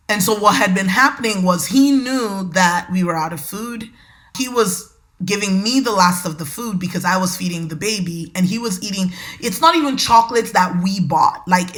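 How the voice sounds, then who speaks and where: A woman hosting a podcast, telling a personal story in a lively, conversational way and talking straight to her listeners. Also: mid-range voice. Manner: animated, conversational, addresses listeners as y'all. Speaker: podcast host.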